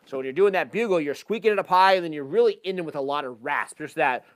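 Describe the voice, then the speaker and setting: A man presenting a live talk to an audience on a handheld mic, casual and energetic, with lots of fillers. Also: a little high, quick pace, very noisy. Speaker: hunting seminar presenter.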